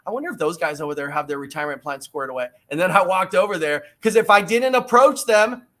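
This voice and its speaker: A man's voice: high-pitched, lively intonation, fast talker, bright, forceful tone. A middle-aged man on a video call, telling a story animatedly and with emphasis, acting out the voices he quotes. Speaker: book author guest.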